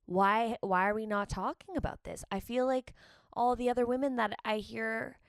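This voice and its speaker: A woman's voice: on the high side, fairly even intonation, normal speed, dry recording. A pregnant woman vlogging casually, talking candidly and emotionally, rambling as she goes. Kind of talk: casual confessional vlog.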